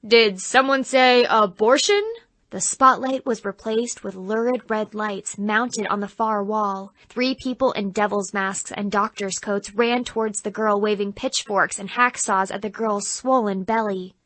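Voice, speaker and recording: A woman narrating an audiobook in an even, clear storytelling voice. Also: mid-range voice, unhurried, hardly any pauses, dry recording.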